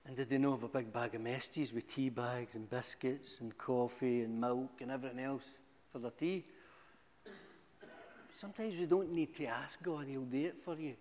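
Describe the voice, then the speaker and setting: A middle-aged man giving a humorous, animated testimony to a church, with sudden high exclamations. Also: normal speed. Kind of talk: storytelling testimony. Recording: echoey hall.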